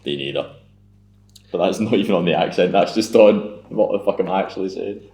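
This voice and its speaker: A deep-voiced Scottish man with a gravelly, dark tone hosts a casual podcast chat. He swears freely and teases his guest bluntly. The room is echoey, with a faint hum underneath. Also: brisk. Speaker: podcast host.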